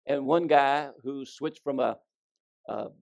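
A man preaching a sermon, telling folksy stories and swinging between loud emphasis and hushed delivery. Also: mid-range voice, slow pace, vocal fry. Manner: folksy storytelling with fillers.

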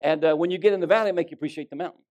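A man preaching a sermon, telling folksy stories and swinging between loud emphasis and hushed delivery. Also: fairly high pitch, rapid-fire. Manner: folksy storytelling with fillers.

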